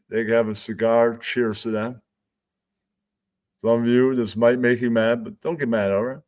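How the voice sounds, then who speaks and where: A man's voice: medium pitch, steady tone, moderate pace, pauses often, a little mellow. A man hosting a stream, rambling through a crude, self-amused comedic monologue. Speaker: stream host.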